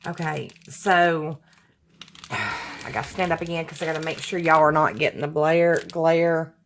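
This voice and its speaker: Woman vlogger, slow and lowish, gushing with heartfelt thanks. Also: fairly bright tone, slight background noise. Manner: gushing, apologetic, emotional, sighs often. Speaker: crafting channel host. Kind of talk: casual chat to camera. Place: home room with hardwood floor.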